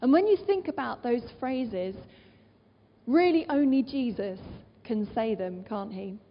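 A woman's voice: on the high side, animated, measured pace. A woman preaching a sermon, earnest and fond of rhetorical questions, quoting scripture aloud. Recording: dull, muffled sound with long reverb of a large hall.

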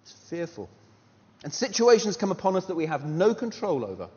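Preacher guy, slightly high voice, bouncy storytelling, dull muffled sound. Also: brisk. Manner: animated, rhetorical questions, self-deprecating humour. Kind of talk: sermon with storytelling. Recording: dull sound with long hall reverb.

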